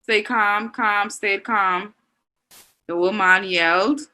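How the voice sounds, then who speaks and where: A woman teacher with a Bahamian accent, leading an online class and warmly reading out and praising students' answers. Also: medium pitch, steady tone, takes it slowly, poor audio. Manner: encouraging, reads students' answers aloud with frequent praise.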